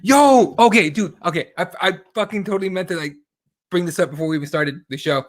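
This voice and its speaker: A man with a notably high speaking voice chats on a podcast. He swears freely and tells stories by playing out the back-and-forth in quotes. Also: fast talker. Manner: profane, animated storytelling with quoted exchanges. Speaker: podcast co-host. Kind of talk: casual podcast chat.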